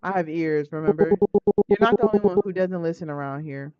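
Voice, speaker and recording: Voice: medium pitch, brisk, close to an everyday voice. A smug male cat familiar, as a streamer reads him out speaks in a dry, needling tone, always a little unimpressed. The sound is slightly muffled, with faint synth music behind. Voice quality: dry, sardonic delivery.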